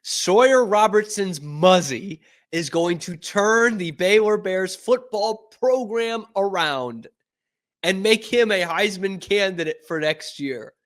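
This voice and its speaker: Animated man chatting about football. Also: high-pitched, slow pace. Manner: animated, chatty, laughs often. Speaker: podcast host. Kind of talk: casual sports commentary.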